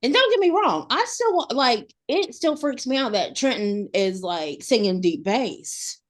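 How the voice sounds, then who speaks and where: A woman's voice: fairly high pitch, very animated, a little slow. A woman co-hosting a podcast in casual chat, rambling with lots of fillers and restarts. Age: adult mother. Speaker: podcast co-host.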